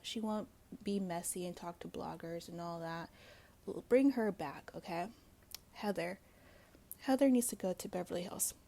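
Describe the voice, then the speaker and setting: A woman's voice: on the low side, darkish tone. A woman hosting a casual commentary video, talking straight to viewers in a blunt, gossipy way, swearing freely and filling her talk with ums and asides. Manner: chatty with frequent fillers and asides. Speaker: reality TV commentary host.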